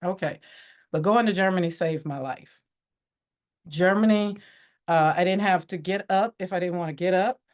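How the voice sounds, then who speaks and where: A woman's voice: on the low side, moderate pace, darkish tone. A woman as a podcast guest, telling her personal story in a candid, reflective way, livening up when she quotes others.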